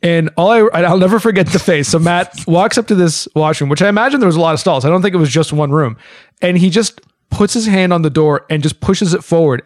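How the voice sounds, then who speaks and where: A podcast co-host tells a story fast in a high-sitting voice, animatedly acting out the quotes in casual storytelling chat. The recording is dry, with clean studio sound.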